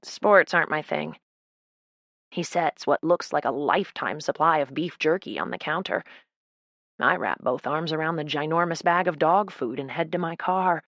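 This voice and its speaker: A woman reads a first-person novel aloud with a dry, wry edge. Her voice is low and gravelly yet lively in its rises and falls. The recording is close and dry, with no room sound. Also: dry recording. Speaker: audiobook narrator.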